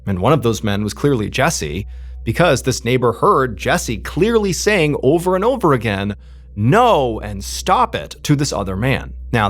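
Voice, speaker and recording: A man tells a true crime story in a relaxed, conversational manner, often slipping in "you know" asides. His gravelly, slightly husky voice rises and falls in a lively way, with faint music underneath.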